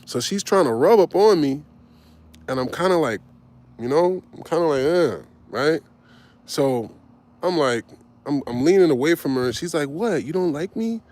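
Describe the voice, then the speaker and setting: A man casually telling a personal story in an animated, slangy way, with frequent asides to his listeners. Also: a little high, moderate pace, long pauses. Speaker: host.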